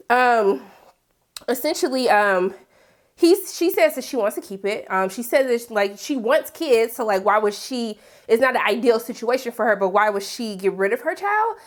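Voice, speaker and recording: A woman talking casually as she recaps a TV episode, animated and sassy, with big incredulous jumps in pitch and asides like "honey.". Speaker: TV recap vlogger. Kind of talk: casual chat.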